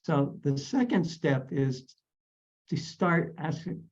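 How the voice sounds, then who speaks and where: Muffled, higher-pitched man coaching. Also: animated, takes it slowly. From Idaho, USA. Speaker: habit coach guest. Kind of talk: coaching talk on a video call.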